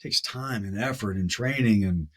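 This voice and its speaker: A podcast guest tells a story at a moderate pace in a low-quality recording. His voice is low and husky, and his casual, animated delivery includes frequent repeated words.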